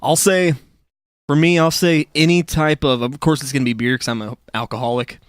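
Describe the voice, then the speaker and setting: A man's voice: a little high, steady tone, fairly quick, smooth, no echo, studio quality. A young man with an Ohio accent co-hosting a podcast, easygoing and agreeable, laughing often. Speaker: podcast co-host. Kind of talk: casual chat.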